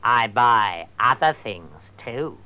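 An actor playing a secretive male bookseller who speaks in veiled hints and quiet threats. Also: medium pitch, animated, slow pace, clean tone. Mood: veiled, insistent. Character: secretive pushy middle-aged male bookseller. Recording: dull lo-fi old tape.

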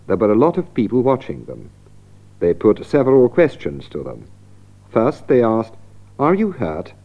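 A man narrating a story and presenting an English lesson in a clear, teacherly way. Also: medium pitch, big pitch swings, moderate pace, dull audio. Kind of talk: scripted narration for English learners.

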